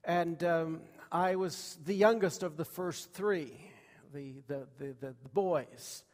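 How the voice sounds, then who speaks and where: A man's voice: on the high side, slow, darkish tone, big-room sound. A man preaching a sermon to a congregation, telling childhood stories in a folksy way with many fillers and questions to the room. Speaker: pastor.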